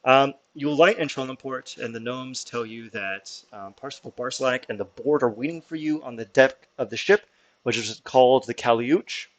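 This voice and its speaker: A man's voice: medium pitch, normal speed. A young man narrating as game master in a casual, swearing, laughing way with many ums.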